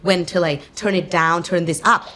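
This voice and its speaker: Thai-born woman guest, first language thai, lowish voice, lively chat, laughs a lot. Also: moderate pace. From Thailand. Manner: animated, laughs often, lots of fillers. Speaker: actor and guest. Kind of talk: casual interview chat.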